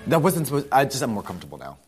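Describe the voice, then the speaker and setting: A man's voice: medium pitch, sing-song, racing, over loud music. A man trading campy comedic banter as co-host, with theatrical outbursts and mock outrage.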